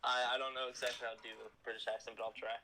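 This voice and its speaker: A young man chatting on a livestream call, excitable and rambling. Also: mid-range voice, rapid-fire, slight background noise, rough recording. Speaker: co-host friend. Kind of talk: casual livestream chat.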